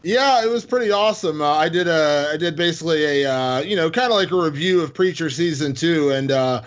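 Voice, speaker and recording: Chatty higher-voiced man, muffled. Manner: chatty, halting, many fillers. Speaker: guest, MMA journalist. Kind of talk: casual interview. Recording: dull lo-fi audio.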